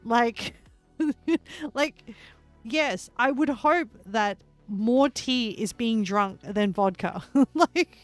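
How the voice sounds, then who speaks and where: A woman livestreams while building in a game, chatting casually in a fairly high-pitched voice. She rambles, gets excited, and laughs often.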